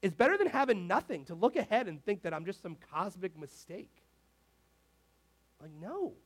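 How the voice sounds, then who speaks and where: A man preaching a casual, animated sermon, peppering his speech with "like". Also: high-pitched, moderate pace, husky. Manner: animated, filler-heavy with frequent "like"; talks to the tech crew mid-sermon. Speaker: pastor.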